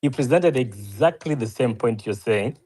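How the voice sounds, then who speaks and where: A man's voice: medium pitch, lively intonation, normal speed, darkish tone, husky. A man moderating a panel debate, politely interjecting to clarify points.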